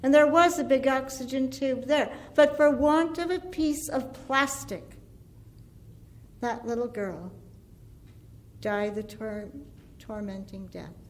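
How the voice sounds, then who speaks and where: A woman giving an impassioned antiwar speech, earnest and deliberate, building her points through lists. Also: sits high, a little hiss or hum. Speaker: antiwar activist speaker.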